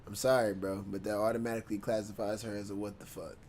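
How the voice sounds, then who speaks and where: A man's voice: lowish voice, little pitch movement, fast, a little mellow. Laid-back male streamer with faint hum. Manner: laid-back, laughs often, slangy. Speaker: streamer host. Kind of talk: casual live-stream chat.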